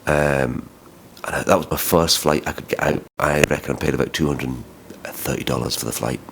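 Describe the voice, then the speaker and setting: A man's voice: very deep voice, brisk, gravelly, a bit bright, slight background noise. A man vlogging about his travels, talking in a rambling, heated way with plenty of swearing and restarts. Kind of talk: vlog storytelling.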